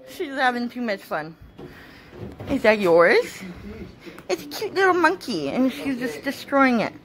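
Indoors at home, a young woman narrates a casual video of her dog, chatting to it in a bright, high, sing-song pet voice. She speaks slowly, leaves long pauses, and laughs a lot.

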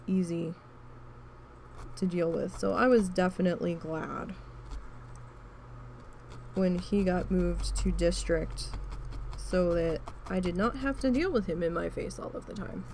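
A woman's voice: fairly low pitch, a little hiss or hum. A woman vlogger chatting frankly about an old job while she crafts, with many restarts. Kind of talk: casual storytelling while crafting.

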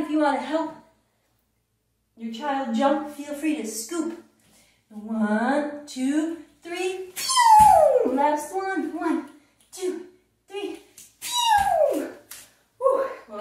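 A kids' yoga instructor leads a children's class with playful, sing-song chants, her high voice slow and expressive. She is recorded from a distance in an echoey room, with background noise present.

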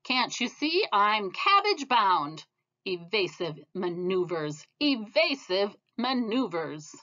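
Woman reader doing a steady, polite little male snail, mild and unhurried, bright and lively, slightly muffled. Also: mid-range voice, full character voice. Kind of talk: storybook read-aloud.

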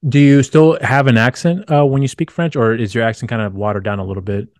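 A man's voice: medium pitch, fairly even intonation, fast talker, darkish tone, dry recording. A man from the United States who grew up speaking Spanish, hosting a podcast and asking long, rambling questions with many restarts. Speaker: podcast host. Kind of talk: casual interview talk.

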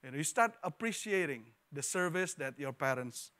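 A man preaching a sermon as pastor in a church, animated, repeating words and joking with the congregation. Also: a little high, normal speed. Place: church hall.

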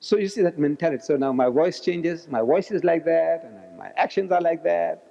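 A man in his seventies giving a public lecture, talking loudly and forcefully in a roaring way. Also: a little high, lively intonation, normal speed, creaky. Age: 70s. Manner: loud, forceful, roaring delivery. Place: large lecture hall. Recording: echoey hall, dull lo-fi archive recording.

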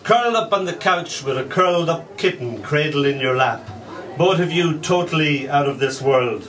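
A man reading his own poems aloud at a live poetry night, slow and deliberate, letting line ends fall soft and quiet. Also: on the high side, animated. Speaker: poet. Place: small poetry venue with an audience. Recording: distant live recording with audience noise. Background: audience laughing and murmuring.

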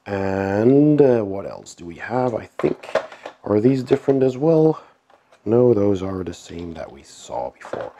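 A man's voice: lowish voice, unhurried, highs cut off, background noise. A man with a cold and a nasal voice, casually commenting while unboxing a board game, with frequent fillers and chuckles. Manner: relaxed, chuckling, lots of fillers.

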